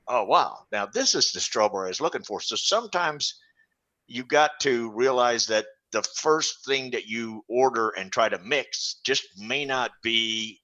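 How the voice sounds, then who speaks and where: Lower-voiced man, forceful and bright. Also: lo-fi sound. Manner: explanatory, measured storytelling. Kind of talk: casual livestream chat.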